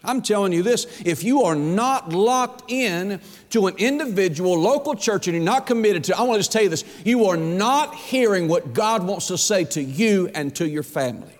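A man with a Southern US accent preaching a sermon as pastor, emphatic and folksy, often throwing rhetorical questions at the congregation. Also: high-pitched. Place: church sanctuary. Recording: long reverb of a large hall.

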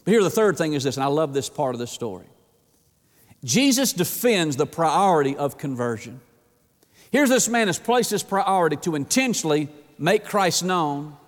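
A man's voice: on the high side, sing-song, moderate pace. A middle-aged man, a pastor, preaching a sermon in a folksy, emphatic way, with repeated phrases and direct appeals to the congregation. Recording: long reverb of a large hall.

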